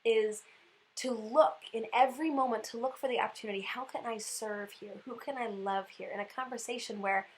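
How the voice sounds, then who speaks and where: A woman giving a casual spiritual reflection on her vlog, animated and chatty, with lots of "like" fillers. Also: fairly high pitch, a little fast, low-quality recording. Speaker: Catholic speaker and vlogger.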